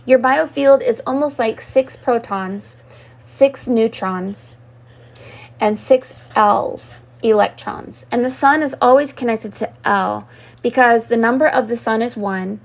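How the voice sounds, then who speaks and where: A woman's voice: a little high, measured pace. Woman giving a rambling mystical reading. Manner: rambling, mystical, jumps between symbols. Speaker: spiritual reader. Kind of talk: live-stream scrying session.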